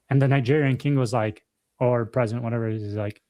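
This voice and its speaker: A young man in casual podcast chat, pressing his points hard and saying them twice. He drops dude and bro as he goes, with an ordinary middle pitch. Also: fast talker, a little mellow. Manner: emphatic, repeats himself, says dude and bro. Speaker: podcast co-host.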